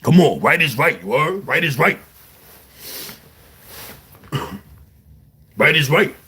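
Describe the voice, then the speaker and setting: A man with a Brooklyn accent, telling jail stories in a casual, animated monologue full of slang. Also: a little high, takes it slowly, slightly rough. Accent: New York, Brooklyn. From New York. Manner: animated storytelling, heavy slang, repeats "you heard". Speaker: vlogger.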